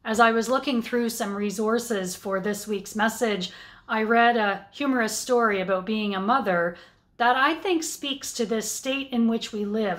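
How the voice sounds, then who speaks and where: Measured Canadian woman pastor preaching. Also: fairly high pitch, fairly bright tone. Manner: slow, measured delivery with deliberate pauses. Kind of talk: sermon.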